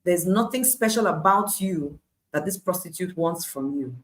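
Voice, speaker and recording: A woman giving a devotional Bible teaching on a live stream, emphatic and repetitive, with frequent laughs and lively asides. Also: lowish voice, normal speed.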